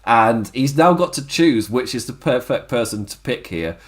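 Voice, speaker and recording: A man's voice: medium pitch, lively intonation, normal speed. A man hosting a casual wrestling review podcast, laughing often and acting out the wrestlers' lines. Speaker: podcast host.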